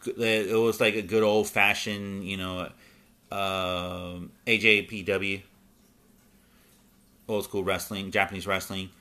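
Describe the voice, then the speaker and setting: A man hosting a casual chat about wrestling, talking in halting bursts with many pauses and restarts. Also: low-pitched, flat delivery, sharp tone. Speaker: podcast host.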